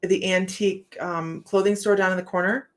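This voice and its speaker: A woman's voice: medium pitch, fairly even intonation, normal speed, background noise. A woman with a Southern American accent hosting a livestream, chatting casually, laughing often and reading viewer comments aloud. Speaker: psychic livestream host.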